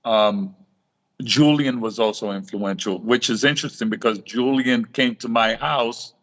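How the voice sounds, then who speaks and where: A man's voice: medium pitch, a little slow, fairly bright tone. A middle-aged man, a guest author on a talk show, telling stories and acting out quoted dialogue, often restarting his sentences. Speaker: guest, reef aquarium author. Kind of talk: storytelling in a live talk show interview.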